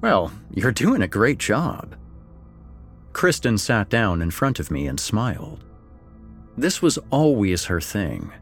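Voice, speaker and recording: Male narrator, low and animated, first-person fiction; faint music underneath. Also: slow. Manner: expressive, swings between wry and somber. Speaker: story narrator.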